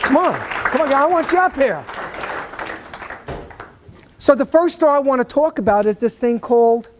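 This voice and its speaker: A man giving a motivational talk to a live audience from a stage, an animated storyteller who often stammers and repeats words. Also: extremely high pitch, normal speed, a crowd in the background, noisy background. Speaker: keynote speaker. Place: event stage.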